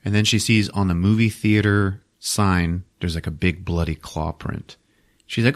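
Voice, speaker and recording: A man casually recapping a film for a podcast, swearing often, laughing and acting out quick character bits. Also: fairly low pitch. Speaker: podcast host.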